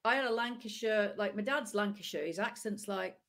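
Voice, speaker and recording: A woman comedian with a northern English accent, chatting fast and animatedly in a casual conversation. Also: medium pitch, a bit bright. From northern England. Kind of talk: casual chat.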